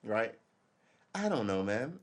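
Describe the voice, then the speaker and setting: A man's voice: on the low side, very animated. A middle-aged man hosting a live stream, giving casual, rambling commentary as he reads and reacts to a news article, swearing freely. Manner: rambling and profane, acts out quick imagined dialogue.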